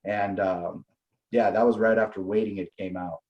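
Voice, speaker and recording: A man's voice: fairly low pitch, steady tone, moderate pace, dull audio, a little hiss or hum. A man telling stories in a casual chat, swearing freely and laughing often. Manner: loose storytelling with lots of swearing and laughter. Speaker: guest.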